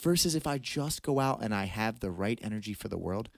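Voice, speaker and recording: A man's voice: on the low side, animated, fairly quick, gravelly, dry recording. A man hosting a podcast interview, reflective and philosophizing as he talks on a close mic. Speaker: podcast host. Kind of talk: conversational interview.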